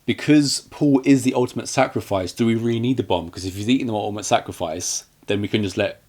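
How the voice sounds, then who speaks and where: A man's voice: on the low side, quick pace, a little mellow. A man co-hosting a casual film review podcast, joking and retelling scenes. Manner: jokey, retells scenes in mock quoted voices. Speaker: podcast co-host.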